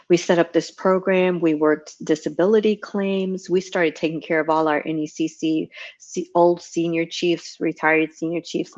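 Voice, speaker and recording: A middle-aged woman, a retired Navy veteran, telling her story with many ums and restarts in a relaxed interview. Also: low voice. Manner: rambling, many ums, laughs at herself. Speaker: guest, retired Navy chief petty officer. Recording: muffled lo-fi audio.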